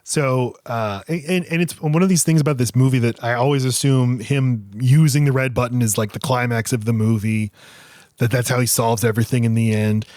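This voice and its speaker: A man co-hosting a podcast, retelling a film scene by scene in casual, animated chat. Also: medium pitch, moderate pace, dry recording, clean studio sound. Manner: animated retelling with swearing and voice impressions. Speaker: podcast co-host.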